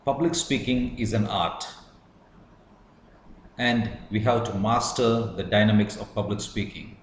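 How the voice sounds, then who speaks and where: Guy teaching english, talks real slow and careful, echoey room w faint hum. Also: on the low side. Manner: measured, with stressed demonstrations. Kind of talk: slow deliberate lecture.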